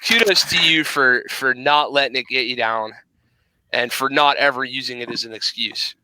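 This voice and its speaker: A man's voice: medium pitch, normal speed, sharp tone, no echo, poor audio. A man hosting a casual podcast, talking bluntly and enthusiastically with plenty of slang. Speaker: podcast host. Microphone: remote podcast mic.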